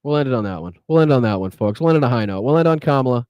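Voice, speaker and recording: A man's voice: mid-range voice, animated, very fast, darkish tone, no room sound, muffled recording. A man with a Boston accent hosting a political podcast live, talking bluntly and with fired-up profanity. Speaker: podcast host. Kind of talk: live-stream political commentary.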